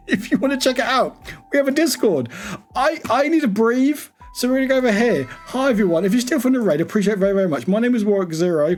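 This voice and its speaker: A giggly, excitable man chatting to his stream audience, his voice pitched high and bouncing lively up and down. He keeps breaking into laughter as he talks, with faint music playing behind him. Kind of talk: casual live stream chat.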